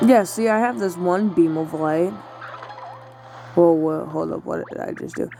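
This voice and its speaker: Slow, mellow-voiced woman thinking aloud. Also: fairly low pitch, gravelly, soft background music, rough recording. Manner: thinks aloud, talking to herself with many fillers. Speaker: gamer playing a video game. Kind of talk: casual let's-play commentary.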